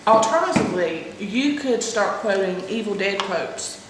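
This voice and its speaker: A woman's voice: medium pitch, animated, moderate pace. A woman in her thirties co-hosting an advice chat, talking casually and self-deprecatingly and laughing often. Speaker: co-host answering viewer questions. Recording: echoey room with faint hiss.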